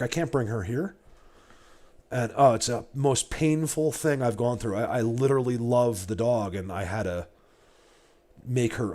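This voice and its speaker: This Bigfoot hunter, a man in his forties, speaks in a mid-range voice with a darkish tone. He chats casually to his livestream viewers, rambling and emotional, often stammering and repeating himself.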